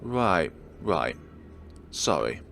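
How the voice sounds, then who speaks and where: A man's voice: on the low side, huge pitch swings, normal speed, faint music behind. A man reading a visual novel aloud, voicing a secretive, teasing young woman from an occult club who talks in a cool, evasive way. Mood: sullen.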